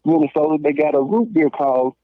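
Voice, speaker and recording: A man in his late thirties from Memphis, Tennessee, with a Southern accent, a podcast guest telling stories in a blunt, slangy, animated way with lots of restarts. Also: a little high, quick pace, no room sound. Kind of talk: casual call-in conversation. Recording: tinny dry phone line.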